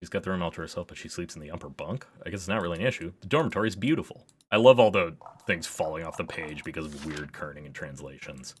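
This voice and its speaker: A man with a very deep, low-pitched voice talking his way through a game on a livestream. He rambles casually between thoughts and reads the on-screen text aloud. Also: animated, quick pace, hardly any pauses, husky. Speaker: streamer. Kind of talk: casual livestream commentary while playing a visual novel.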